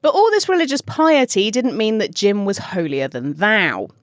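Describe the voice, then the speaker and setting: A woman's voice: medium pitch, big pitch swings, normal speed, no room sound, studio quality. Giggly British woman telling true crime. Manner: chatty, giggly storyteller. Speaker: podcast host. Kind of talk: true crime podcast narration.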